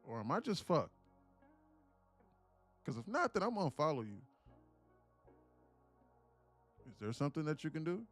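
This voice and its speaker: A man voicing an irate male trader who has lost his money, profane and indignant, shouting at a streamer. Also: a little high, sing-song, brisk, soft background music. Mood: desperate.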